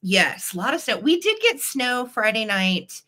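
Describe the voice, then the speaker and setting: A woman's voice: a little high, big pitch swings, a little slow, sharp tone. A middle-aged woman hosting a live vintage sale stream, bubbly and chatty, greeting viewers by name.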